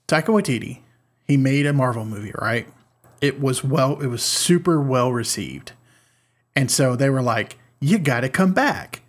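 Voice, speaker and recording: Husky-voiced man rambling on a podcast. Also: mid-range voice, normal speed. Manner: rambling, repeats words, laughs at himself. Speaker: podcast co-host. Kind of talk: casual chat.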